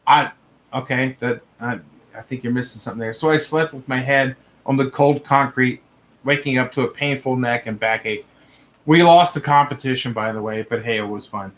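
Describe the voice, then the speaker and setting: A man's voice: medium pitch, moderate pace, a bit bright. A young man hosting a livestream, reading viewer stories aloud and breaking off to laugh and swear in reaction.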